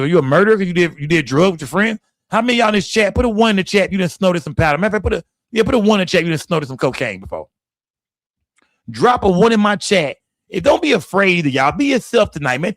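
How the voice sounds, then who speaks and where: Texan livestream host, drawl, fairly high voice, loose and profane, close dry mic. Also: male voice, a bit bright, no room sound. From Texas. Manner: loose, profane, talks straight to chat. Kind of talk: casual livestream commentary.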